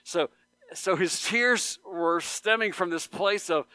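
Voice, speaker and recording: Earnest pastor preaching, smooth voice. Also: male voice, high voice, takes it slowly, dry recording. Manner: earnest, repeats phrases for emphasis, rises to loud appeals. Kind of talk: sermon. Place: church sanctuary.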